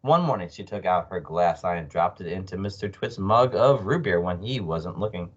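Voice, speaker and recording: A man reading a children's book aloud as storyteller, expressive with small slips. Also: sits low, moderate pace, muffled recording. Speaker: storyteller, read-aloud narrator.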